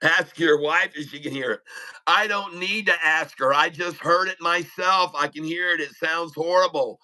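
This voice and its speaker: A man's voice: fairly high pitch, moderate pace, bright, forceful tone, rough recording. A man with a lisp, chatting casually and joking on a live trading stream, laughing often. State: lisping. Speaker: day trader livestreaming.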